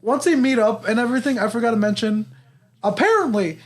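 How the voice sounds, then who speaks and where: A man's voice: very high voice, expressive, fairly quick. A man co-hosting a podcast, casually recapping a movie plot in a rambling way, swearing and laughing. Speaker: podcast co-host. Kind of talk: casual movie review chat.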